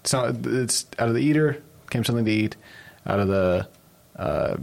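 A man with a mid-range voice chats on a podcast, commenting on a story in an animated, amused way. He breaks into laughter easily and keeps the talk light. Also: mid-range voice, moderate pace, creaky. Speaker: podcast co-host. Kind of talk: casual chat retelling a story.

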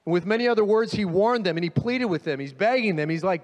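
A man preaching a sermon as pastor, telling the story with animated energy and acting out the voices of the people in it. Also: high voice, fast, few pauses, long reverb tail.

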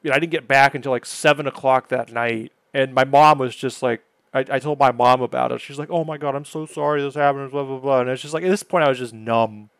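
A man's voice: mid-range voice, steady tone, fast talker, few pauses, a bit bright, clean tone, dry recording. A man hosting a podcast, telling a story in a casual, exasperated way. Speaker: podcast host.

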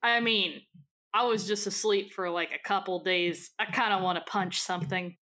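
A woman in a tabletop game session. Her voice is bright and forceful. She jumps in with eager, feisty questions. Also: medium pitch, steady tone, normal speed. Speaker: player. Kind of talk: tabletop role-play chat.

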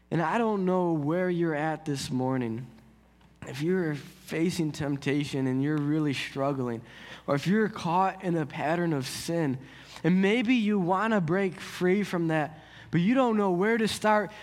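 A man's voice: sits high, in a large hall. A man preaching a sermon in an earnest, conversational way, telling a story. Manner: earnest, conversational, builds intensity. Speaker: pastor.

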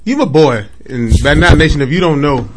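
A man's voice: fairly high pitch, lively intonation, a little fast, noisy background. A man co-hosting a podcast, chiming in with joking, supportive banter. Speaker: podcast co-host. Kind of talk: casual chat.

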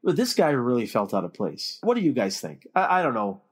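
A man's voice: mid-range voice, huge pitch swings, a little fast, breathy edge. A man hosting a casual movie discussion podcast, giving strong opinions and steering the talk with questions. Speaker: podcast host.

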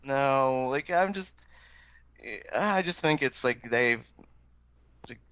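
A man's voice: mid-range voice, slow pace, clear, resonant tone, no echo, dull audio. A man co-hosting a casual gaming podcast, rambling and joking through banter. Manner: animated, rambling, jokey. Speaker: podcast co-host.

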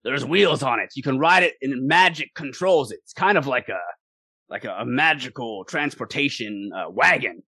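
A man's voice: medium pitch, lively intonation, normal speed, sharp tone, breathy edge, dry recording, heavily acted. A man voicing an easygoing male orc sailor who rambles in an offhand way.

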